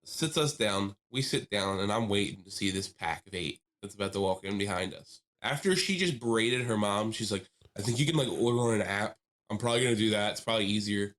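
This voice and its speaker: Animated man telling a story on a podcast. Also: lowish voice, fairly quick, hardly any pauses. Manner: animated storyteller, laughs while telling, mimics people he quotes. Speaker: podcast co-host. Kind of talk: casual storytelling chat.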